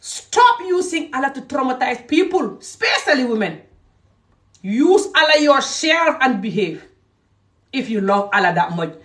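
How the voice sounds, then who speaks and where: A woman's voice: high voice, very animated, unhurried, a bit bright, recorded from a distance. A woman delivering a scolding, confrontational vlog rant and hammering her points again and again. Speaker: social media commentator.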